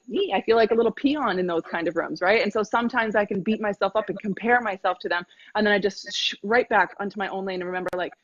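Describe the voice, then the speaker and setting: Fast-talking swearing woman coach. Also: medium pitch, no room sound, lo-fi sound. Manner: emphatic, swears freely, pep-talk delivery. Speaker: business coach guest. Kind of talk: motivational interview talk.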